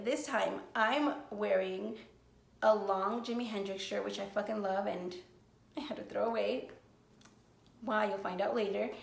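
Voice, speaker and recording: A woman's voice: mid-range voice, gravelly, reverberant. A woman from the United States telling a casual storytime vlog, rambling with lots of swearing and filler words. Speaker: vlogger.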